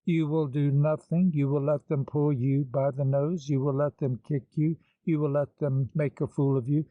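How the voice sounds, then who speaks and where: A man's voice: on the high side, little pitch movement, no echo, phone-quality sound, lightly acted. Lazarus, a man reading as a drawling sinister schemer. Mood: scornful. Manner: slow taunting drawl. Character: towering sinister mocking man, scornful schemer.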